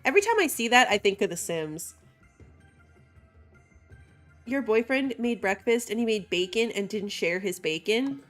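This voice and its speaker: A woman's voice: mid-range voice, animated, a little fast, faint music behind. Woman, streamer, casual gameplay chat, talkative, laughs often. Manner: chatty, reads chat aloud, laughs often.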